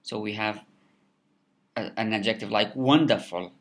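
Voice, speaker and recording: A man giving a recorded lecture, halting with many fillers and repeated words. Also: on the low side, fairly bright tone. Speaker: English lecturer.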